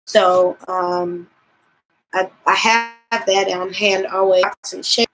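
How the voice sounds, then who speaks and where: A young woman talks in a relaxed, chatty way about her skincare routine, and she sounds tired and sleepy from the late hour. Her pitch is mid-range and plain, and she fills her pauses with "um" as she goes. A faint hum of room noise sits behind her. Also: poor audio. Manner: relaxed and chatty, with many "um" fillers, and sometimes yawning. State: tired and yawning, late at night. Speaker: beauty vlogger. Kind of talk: casual live skincare chat.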